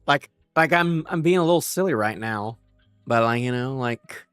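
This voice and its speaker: A man's voice: medium pitch, expressive, moderate pace, a bit bright, clear, resonant tone, dry recording, soft background music. Playful man reacting live to manga. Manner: playful, jokey, riffing with repetition. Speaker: manga reviewer.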